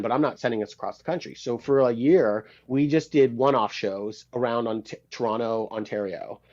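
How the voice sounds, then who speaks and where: A man talks quickly in a relaxed interview, telling stories about his band and playing out the back-and-forth in each one. He swears now and then and keeps his energy up. The sound is muffled and lo-fi, like a video call. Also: medium pitch. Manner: animated, acts out quoted dialogue, swears casually. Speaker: guest musician, guitarist and producer. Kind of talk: casual interview storytelling. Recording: dull lo-fi sound.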